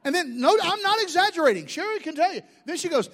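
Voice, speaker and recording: A man. He keeps the sermon lively with jokes, asides and stumbling restarts. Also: very high-pitched, quick pace, few pauses. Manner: animated, joking storyteller with many restarts. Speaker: pastor.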